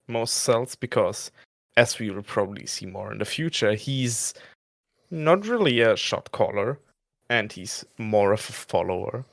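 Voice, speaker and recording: A man who is a regular player on a podcast, talking casually in halting bursts and laughing between thoughts. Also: medium pitch, no room sound, studio quality.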